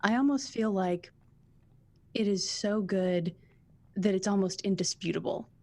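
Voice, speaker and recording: A woman co-host in casual chat, enthusiastic and chatty, thinking out loud as she talks. Her voice sits at a middle pitch. It was recorded close and dry, with no room around it. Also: measured pace, no echo. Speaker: podcast co-host.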